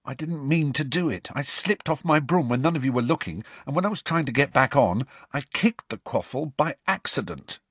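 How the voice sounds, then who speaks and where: A man voicing a nervous teenage boy with a croaky, miserable voice in a storybook reading. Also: mid-range voice, animated, moderate pace, few pauses, a bit bright, no room sound, voice pushed up.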